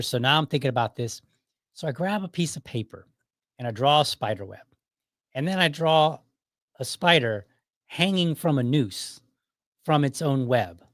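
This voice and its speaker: A man's voice: medium pitch, a bit bright, no room sound. A middle-aged man hosting his own show, telling a casual story in a loose, conversational way and chuckling often as he goes. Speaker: podcast host.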